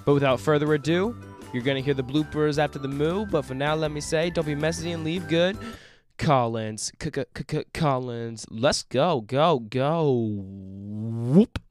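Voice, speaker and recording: A man hosting a podcast who has a sore throat, reading listener comments in a relaxed, rambling way. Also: a little high, unhurried, dry recording, soft background music. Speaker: podcast host.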